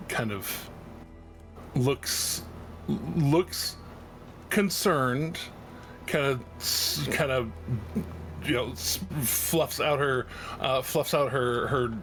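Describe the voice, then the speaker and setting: A man's voice: medium pitch, fairly bright tone, poor audio. A man at a tabletop game describing his character's actions, searching for words as he goes. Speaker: player.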